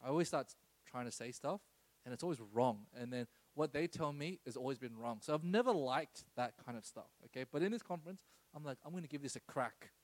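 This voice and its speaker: A man's voice: mid-range voice, expressive, fairly quick, darkish tone, no room sound, rough recording. A man preaching an informal sermon, telling a personal story with many asides and tag questions like "okay?".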